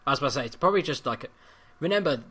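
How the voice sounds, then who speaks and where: A man co-hosting a casual pop culture chat, animated and excitable, swearing freely. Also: a little high, racing, slightly rough. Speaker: podcast co-host.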